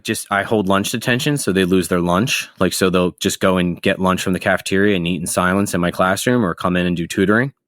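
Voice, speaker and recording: A man co-hosting a podcast in casual chat, relaxed and rambling, with a close mic. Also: deep voice, a little fast, few pauses, no echo. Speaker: podcast co-host.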